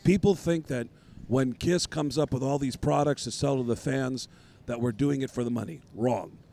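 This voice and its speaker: Guy doing a big-headed rock star bit, loud, pushy, all swagger. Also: mid-range voice, normal speed, lightly acted. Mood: boastful. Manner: brash, self-mocking salesman bluster. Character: boastful, money-minded middle-aged male rock star. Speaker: comedian guest.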